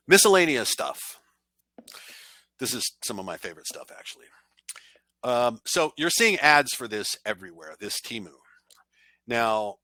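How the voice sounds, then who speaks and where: Man, cybersecurity trainer, bright forceful voice, blunt emphatic warnings, conversational. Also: mid-range voice, very animated, measured pace, pauses often, dry recording.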